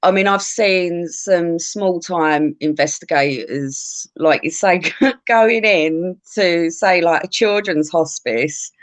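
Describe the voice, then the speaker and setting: A woman's voice: on the low side, slow. A woman co-hosting a podcast, chatting casually and hesitantly with fillers and laughs. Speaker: podcast co-host. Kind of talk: casual chat.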